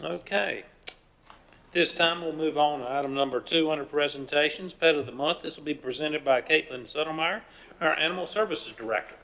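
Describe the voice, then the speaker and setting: A man chairs a public meeting in a slightly high voice with plenty of gravel in it. He works through the agenda item by item in a formal, procedural way. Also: brisk, fairly bright tone, rough recording. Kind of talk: presiding over a public meeting. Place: county commission meeting room.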